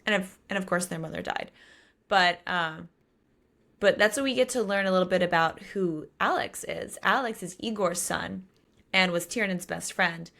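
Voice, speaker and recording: A woman's voice: lowish voice, normal speed, creaky, fairly bright tone. A woman co-hosting a podcast, casually recapping a novel's plot in a chatty way. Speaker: podcast co-host. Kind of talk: casual book discussion.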